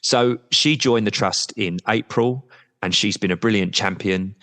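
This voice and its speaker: A man's voice: on the low side, a little slow, sharp tone, in a large hall. A man representing a football supporters' trust as a podcast guest, talking candidly and at length, with the odd blunt swear word.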